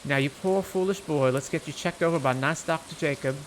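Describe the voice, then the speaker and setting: A man's voice: a little high, fairly quick, noisy background, lightly acted. A man voicing a genteel, melodramatic Southern belle woman fretting over her cat, in a put-on Southern Belle accent. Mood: doting. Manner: formal, melodramatic phrasing.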